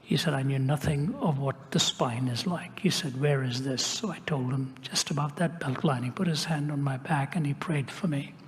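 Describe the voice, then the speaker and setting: An older man telling a story in a sermon, dropping at times to a hushed whisper. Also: medium pitch, normal speed, few pauses, in a large hall, a little hiss or hum. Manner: dramatic shifts to a hushed whisper. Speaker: preacher.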